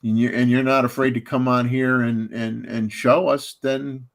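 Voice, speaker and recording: A man's voice: medium pitch, level tone, normal speed. Rambling man hosting a livestream. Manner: rambling, many fillers and restarts, chuckles often. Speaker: livestream host. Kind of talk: casual livestream chat.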